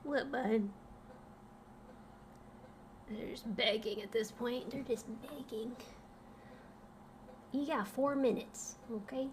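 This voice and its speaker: A woman's voice: a little high, slow pace, pauses often, a little hiss or hum. A young woman streamer chatting casually and cooing baby talk at her dogs. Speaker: livestreamer. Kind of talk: casual livestream chat.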